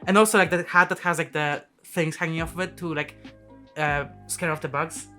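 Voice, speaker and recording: A podcast host chatting casually, teasing guests and swearing, with clear music playing behind. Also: mid-range voice, steady tone, brisk, bright, forceful tone. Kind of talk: casual chat.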